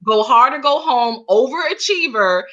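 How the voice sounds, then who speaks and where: A woman guest in an interview, telling her story in an animated, expressive way. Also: sits high, moderate pace, lo-fi sound, over a noisy crowd.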